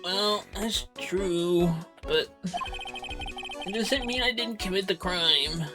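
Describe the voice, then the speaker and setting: A woman's voice: medium pitch, wildly swooping pitch, drawn-out words, full character voice, rough recording. A woman doing a jittery young man who stammers. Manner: stammering, overexcited, blurts confessions. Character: nervous, excitable young male suspect. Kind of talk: fan dub of a video game. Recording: loud background music.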